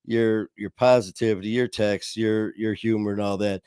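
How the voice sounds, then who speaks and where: Over a video call via streaming software, a podcast host shares stories in a loose, casual chat, restarting and chuckling frequently. His voice is on the low side, steady, a bit mellow, clear and resonant, at a moderate pace. The recording is dry and studio clean.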